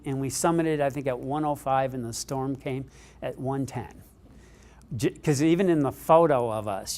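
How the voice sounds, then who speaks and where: A middle-aged man giving a keynote speech, telling a story with animated delivery that lifts in pitch as he gets excited. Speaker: keynote speaker.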